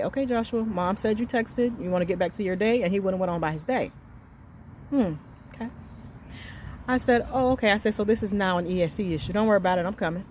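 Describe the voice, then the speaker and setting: A woman in her thirties telling an angry story about her son's school, emphatic and reenacting the conversations, swinging between quiet and loud. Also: lowish voice, slight background noise. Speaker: mother venting on her channel. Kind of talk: heated storytelling rant.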